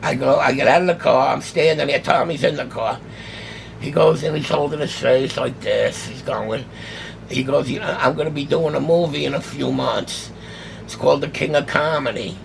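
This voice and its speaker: A man's voice: medium pitch, moderate pace, creaky, noisy background. An older man, telling a long story casually and acting out the dialogue as he goes. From New York City. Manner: animated, acts out quoted dialogue. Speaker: guest, autograph collector.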